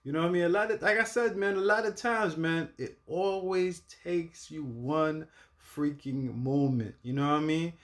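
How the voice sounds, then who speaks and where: A man hosting a reaction video in casual commentary. He talks loosely in slang, swears often, keeps asking "you know what I mean", restarts his words while thinking aloud, and breaks into loud, high exclamations. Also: normal speed.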